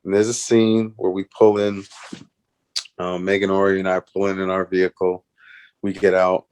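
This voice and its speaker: A man's voice: deep voice, flat delivery, moderate pace, darkish tone, clear, resonant tone. A man from Canada, a guest in an interview, telling a story animatedly with laughs and restarts.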